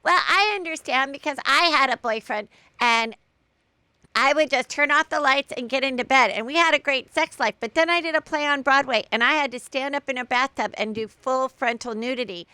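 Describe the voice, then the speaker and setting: A woman doing an impression of a bubbly, high-voiced middle-aged actress, sing-song and girlish. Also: moderate pace, sharp tone, clean tone, no echo. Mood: gushing. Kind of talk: celebrity impression in casual podcast talk.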